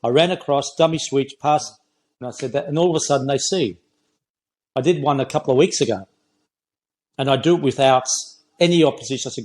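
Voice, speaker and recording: A man's voice: medium pitch, brisk, a little mellow. Blunt Australian man in his sixties. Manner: blunt, opinionated storytelling, says "mate" often. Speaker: former rugby player, guest. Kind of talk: casual podcast interview.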